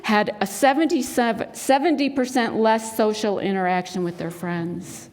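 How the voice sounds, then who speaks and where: A woman speaking to a spiritual center congregation, telling stories and acting out the people in them. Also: normal speed. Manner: animated storyteller, acts out quotes in a high bright voice. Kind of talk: sermon talk with storytelling. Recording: long hall reverb.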